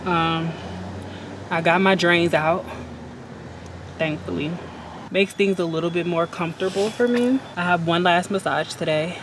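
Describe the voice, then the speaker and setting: A woman's voice: on the low side, unhurried, pauses often. A young woman vlogging casually, candid and blunt, swearing freely as she talks to her viewers. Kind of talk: casual vlog diary. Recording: background noise.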